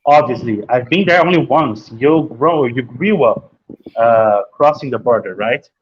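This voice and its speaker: A man speaks over a video call, stopping and restarting as he shares his thoughts. His pitch is middling. The audio is dull and lo-fi. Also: slight background noise. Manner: halting, with frequent restarts. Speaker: panel guest. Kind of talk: casual discussion.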